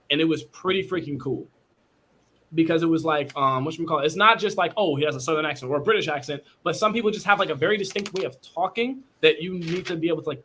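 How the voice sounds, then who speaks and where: A young male actor chatting casually as a guest, animated, with many fillers and frequent laughs. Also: fairly high pitch, slight background noise. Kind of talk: casual chat.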